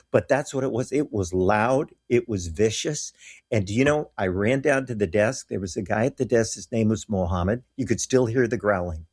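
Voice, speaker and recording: A man's voice: lowish voice, moderate pace, a little mellow, slightly rough. A man talking as a guest, earnestly telling personal stories and acting out the voices of the people he quotes. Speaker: guest telling of mission trips. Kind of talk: animated personal storytelling.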